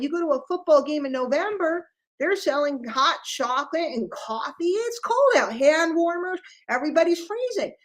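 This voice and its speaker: A middle-aged woman from New York City giving an animated business talk to her sales group, full of rhetorical questions. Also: high voice.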